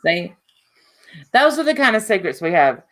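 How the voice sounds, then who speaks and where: Brief: woman streamer, lower voice, very animated pitch, chatty and rambling. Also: normal speed. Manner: chatty, rambling, lively asides. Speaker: livestream host. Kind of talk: casual livestream chat.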